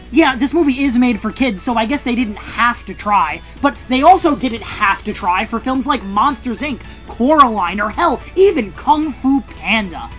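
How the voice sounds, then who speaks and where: A woman reviewing a movie in a scripted video essay, casual and wry, with sarcastic asides and the odd swear word. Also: a little high. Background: faint background music.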